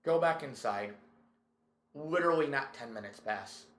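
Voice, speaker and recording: A male comedian telling a story in casual chat, profane and animated, acting out what people said. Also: medium pitch, normal speed, slight background noise. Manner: profane, animated, tells stories with acted quotes. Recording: echoey room.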